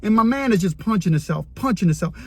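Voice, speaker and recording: A man telling a story about his time in prison, animated and dramatic, acting out what he saw. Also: sits high, quick pace. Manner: animated, vivid, dramatic retelling. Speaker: storyteller, former inmate. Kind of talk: casual storytelling to camera.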